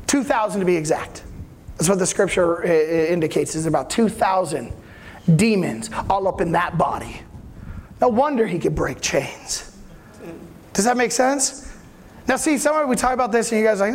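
A man preaching an animated sermon, joking often and repeatedly checking that the congregation is following along. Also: very high voice, a little slow. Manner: animated, laughing, asks for agreement. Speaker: pastor.

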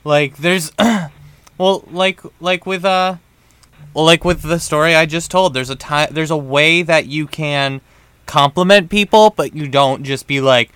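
A man's voice: fairly high pitch, a little slow, fairly bright tone, smooth, no room sound. A man in casual chat, making brief reactions and short remarks.

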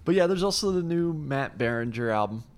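A man's voice: a little high, expressive, a little fast. A man co-hosting a podcast in casual chat, rambling and laughing often. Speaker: podcast co-host.

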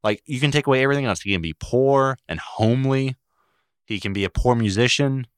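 A man co-hosting a podcast, talking in a wry, deadpan way and slipping into silly voices. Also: mid-range voice, brisk, clean tone, no room sound, clean studio sound. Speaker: podcast co-host. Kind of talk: casual comedic chat.

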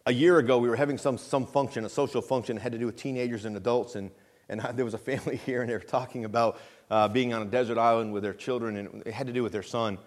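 A middle-aged man preaching a conversational sermon in a church, often checking in with the congregation and slowing down to stress scripture. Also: medium pitch, steady tone. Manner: conversational preaching with frequent call-and-response checks; slows down to stress scripture phrases. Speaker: pastor. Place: church sanctuary.

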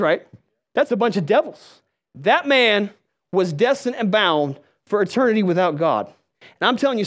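A man preaching a sermon, telling stories with lively delivery and calling out questions to the congregation. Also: high voice. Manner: storytelling, animated, calls out to the crowd.

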